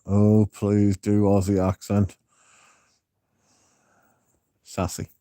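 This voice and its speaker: A man's voice: fairly low pitch, monotone, extremely slow, mellow, dry recording. A man hosting a casual livestream, reading viewer comments aloud and answering them with dry, sardonic banter. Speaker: livestream host.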